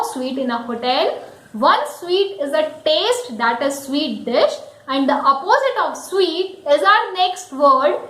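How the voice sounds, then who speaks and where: A woman with an Indian accent teaching English pronunciation, slowly repeating and spelling out words. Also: high-pitched, fairly bright tone, echoey room, rough recording. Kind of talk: pronunciation lesson.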